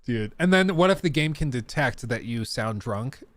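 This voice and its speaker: A man giving casual livestream commentary on a game demo, animated and joking with laughing asides. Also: mid-range voice, normal speed, no echo. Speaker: streamer reacting to a game demo.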